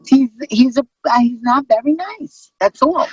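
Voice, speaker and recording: A middle-aged woman comedian, telling stories in a brash, profane, animated way. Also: sits high, unhurried, breathy edge, no room sound, lo-fi sound. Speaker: comedian guest. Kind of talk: casual storytelling chat.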